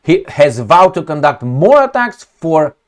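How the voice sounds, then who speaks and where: A man's voice: a little high, big pitch swings, unhurried. A man giving ranting commentary on news clips, blunt, profane and sarcastic. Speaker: political commentator.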